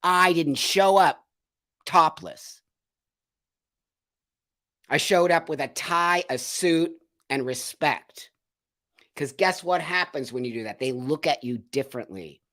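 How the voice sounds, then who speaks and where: A man with a slightly high, sharp-toned voice speaks slowly and pauses often while hosting a live stream. He reads viewers' comments and rants at them indignantly, repeating phrases for effect.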